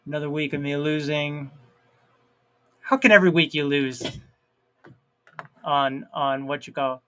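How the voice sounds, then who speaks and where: Man, live stream host, unhurried, reads chat aloud, laughs at own jokes, sharp voice. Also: a little high, fairly even intonation. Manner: drawn-out words and sudden loud outbursts.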